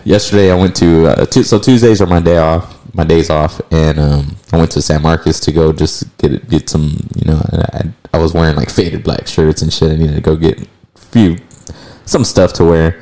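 A man's voice: extremely low pitch, fairly even intonation, normal speed, warm tone. A young man hosting a podcast in casual chat, telling stories in a laid-back way with lots of fillers and swearing. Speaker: podcast host.

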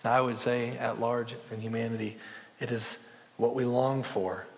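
A man's voice: medium pitch, little pitch movement, normal speed. A young man preaching a sermon in an earnest, conversational way. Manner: earnest, conversational with film references. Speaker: pastor. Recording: long hall reverb.

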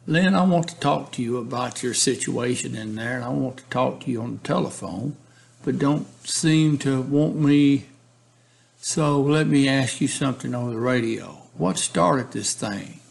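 A persistent male police negotiator, read out by a man, keeps pressing in a gravelly voice with a steady, repetitive rhythm. He coaxes and pleads plainly rather than dramatically, like someone working through a transcript. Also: medium pitch, a little slow. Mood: coaxing. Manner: steady, repetitive coaxing reading. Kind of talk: reading a case transcript aloud.

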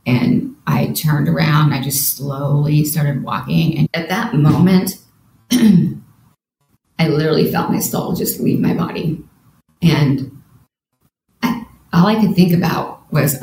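A woman's voice: low voice, slow pace, vocal fry, pauses often, a little mellow, faint music behind. A woman guest in a podcast interview, earnestly retelling a personal experience and voicing her own thoughts along the way. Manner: earnest, vivid retelling with quoted inner thoughts. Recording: roomy echo with faint background noise.

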